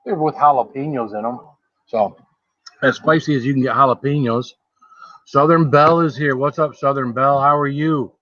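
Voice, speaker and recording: A man talking casually on a live stream, rambling from one thought to the next and greeting viewers by name. His voice sits at an ordinary pitch and sounds close and dry. The sound is a little dull and lo-fi. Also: normal speed, a bit bright, no echo. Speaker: food challenge livestreamer. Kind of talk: casual live-stream chat while eating.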